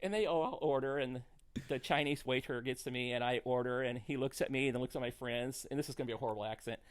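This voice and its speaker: A man, a comedian, telling a story in casual chat, animated and laughing through it. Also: medium pitch, quick pace. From rural United States. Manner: animated, laughs through his own stories. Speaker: comedian guest.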